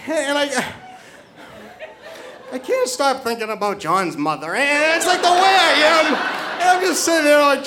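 A man's voice: extremely high pitch, lively intonation, moderate pace, pauses often, crowd noise, noisy background. A man telling a comic personal story, stammering and repeating words as he goes.

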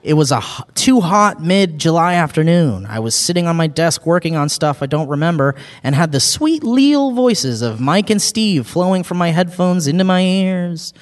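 A man's voice: a little high, very animated, normal speed, few pauses. A man co-hosting a live podcast, reading a listener's letter aloud in a casual, amused way. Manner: reads with laughs, breaks into shouted impressions. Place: live show venue with audience. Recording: long hall reverb.

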